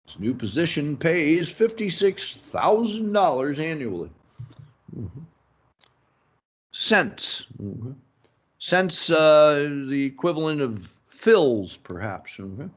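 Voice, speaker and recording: Slow, halting male business English teacher. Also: fairly high pitch, big pitch swings. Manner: slow, halting, many fillers and self-talk like "mm-hmm" and "okay"; opinionated asides on the rules. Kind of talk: recorded lecture.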